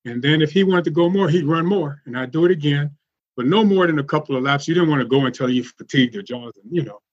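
Husky higher-voiced man telling stories. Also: quick pace, highs cut off. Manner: animated, laughs often while telling stories. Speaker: guest. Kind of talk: casual storytelling.

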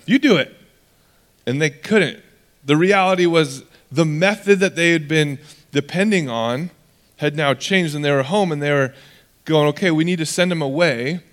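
With a mid-range voice, a pastor preaches a relaxed, conversational sermon. He acts out quoted dialogue and drops in casual asides.

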